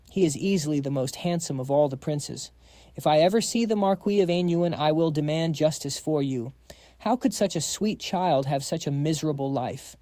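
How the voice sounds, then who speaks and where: A man reading the lines of a sweet-talking palace noble consort, with effusive, flattering speech. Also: fairly high pitch, dry recording, close to an everyday voice.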